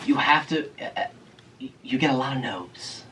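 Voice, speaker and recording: Halting male talk show host. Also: mid-range voice, animated, bright, forceful tone, slight background noise. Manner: halting, restarts often. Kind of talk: casual interview chat.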